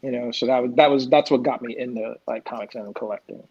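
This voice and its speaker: Animated storyteller man, lo-fi call audio. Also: mid-range voice, quick pace, husky, dry recording. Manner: animated storyteller who acts out quoted lines. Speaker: guest comics creator. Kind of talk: casual panel chat over a livestream. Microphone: video call. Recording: lo-fi livestream audio.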